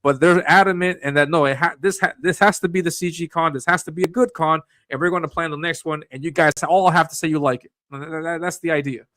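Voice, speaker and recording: A man co-hosting a livestream, reading chat messages aloud in a measured way with fillers. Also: fairly high pitch, steady tone, a bit bright, no room sound, clean studio sound. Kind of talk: casual livestream talk.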